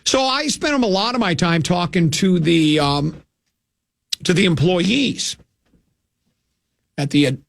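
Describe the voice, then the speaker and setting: A man's voice: sits high, lively intonation, takes it slowly, creaky, pauses often, dry recording, clean studio sound. An older man from hosting a radio show, telling a rambling, self-mocking anecdote with many restarts. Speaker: radio host.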